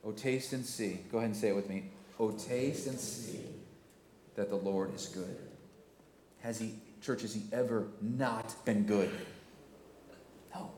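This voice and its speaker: A man in his forties preaching a sermon, swelling into loud, emphatic passages. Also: on the low side, unhurried, long pauses, reverberant, slight background noise. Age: 40s. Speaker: pastor. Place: church sanctuary.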